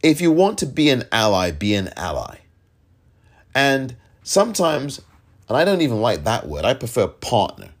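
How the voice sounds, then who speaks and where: A man's voice: medium pitch, wildly swooping pitch, normal speed, breathy edge. A man hosting a solo political podcast, talking in an emphatic, exasperated way and repeating points for stress. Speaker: podcast host.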